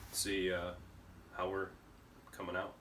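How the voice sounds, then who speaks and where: A man chatting casually at home in a dry, halting way with wry remarks, a little distant from the mic. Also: deep voice, completely flat delivery, very noisy. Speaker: vlogger's partner. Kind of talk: casual chat.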